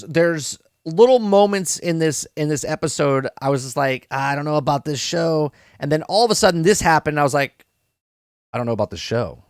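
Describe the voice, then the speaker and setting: A man's voice: on the high side, no room sound, studio quality. A man hosting a live-stream podcast, reviewing a TV episode in a rambling, casual way, repeating words, swearing and talking to his chat.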